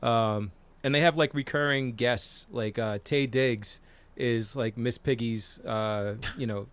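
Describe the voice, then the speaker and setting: Podcast co-host, forties, mid-pitched man, loose rambly delivery with lots of fillers and swearing. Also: fairly even intonation, slow, clean tone. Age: 40s. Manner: rambling, profane, with many fillers. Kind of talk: casual chat.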